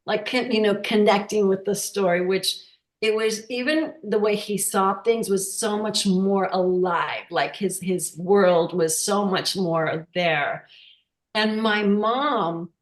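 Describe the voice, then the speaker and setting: A woman speaks over a video call, telling an emotional personal story. She stumbles and restarts often as she searches for words. Her voice sits at a middle pitch and carries a noticeable roomy echo. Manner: emotional, halting, many restarts. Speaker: workshop participant sharing a story. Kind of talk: casual testimonial.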